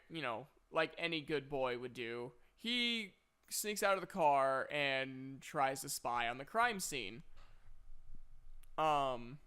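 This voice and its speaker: A man's voice: a little high, a bit bright, smooth. A young man in a casual spoiler review of a movie, retelling the plot in a rambling way with many filler words.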